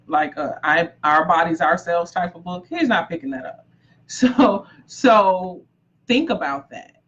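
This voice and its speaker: A woman's voice: mid-range voice, a bit bright. A woman coaching aspiring authors in a live-streamed talk, emphatic and repetitive as she drives her points home. She breaks off to greet viewers by name. The audio is dull and lo-fi. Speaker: book coach.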